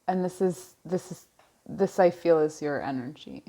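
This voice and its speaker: A woman giving a pick-a-card tarot reading, speaking slowly and softly with searching pauses, wearing headphones. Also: lowish voice, slightly rough. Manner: slow, soft-spoken, searching pauses. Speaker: tarot reader. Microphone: headphones on, close mic.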